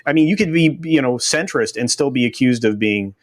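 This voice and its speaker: A man panelist giving frustrated, halting criticism in a casual online roundtable. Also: medium pitch, expressive, dry recording, clean studio sound.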